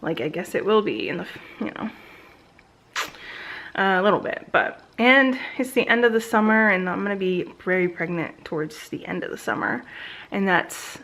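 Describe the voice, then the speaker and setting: A woman's voice: medium pitch, expressive, moderate pace, a bit bright, rough recording. A woman in her thirties gives a casual pregnancy update straight to her camera at home. She rambles along in a chatty way, full of ums, likes and restarts, her voice recorded close on the camera. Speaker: vlogger.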